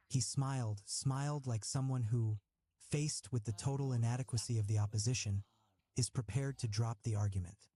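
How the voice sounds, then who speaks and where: Mellow, reflective male narrator. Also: mid-range voice, steady tone. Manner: measured, reflective first-person narration. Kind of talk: audiobook reading.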